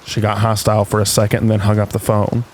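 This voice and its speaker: A man reading stories aloud in calm, unhurried scripted narration meant for falling asleep. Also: lowish voice. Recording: faint rain noise behind.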